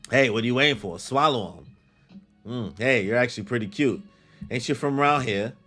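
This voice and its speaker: A man's voice: medium pitch, a little fast, bright, forceful tone, faint music behind. A man reading out the lines of a sleazy male thug posing as a police officer, coaxing and menacing.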